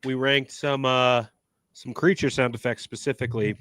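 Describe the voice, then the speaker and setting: A man's voice: medium pitch, steady tone, normal speed, a bit bright, no echo. A young man co-hosting a podcast, chatting casually and tripping over his words. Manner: rambling, trips over words. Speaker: podcast co-host. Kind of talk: casual chat.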